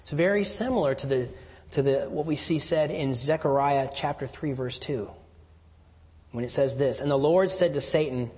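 A man preaching a sermon, moving from emphatic lines to hushed, near-whispered stresses. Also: fairly high pitch, lively intonation, moderate pace. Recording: long hall reverb.

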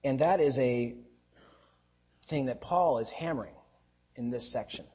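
A man's voice: medium pitch, a little slow, a little mellow, breathy edge, lo-fi sound. A man preaching a teaching sermon, emphatic and explanatory, who keeps asking rhetorical questions and answering them. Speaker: pastor or Bible teacher.

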